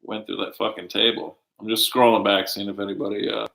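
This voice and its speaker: A man chatting loosely and swearing often as he hosts a casual watch-along. His voice is bright and forceful at a middle pitch, and it rings in an echoey room. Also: flat delivery, brisk, gravelly. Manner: loose and profane. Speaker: podcast host.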